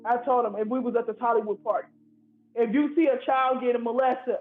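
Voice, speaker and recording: A man from Ohio calls in and rants in a heated, profane, rambling way. His voice sits very high. It comes through a tinny, echoey phone line. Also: fairly even intonation, a little fast, soft background music. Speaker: caller. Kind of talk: angry call-in rant. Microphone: phone call.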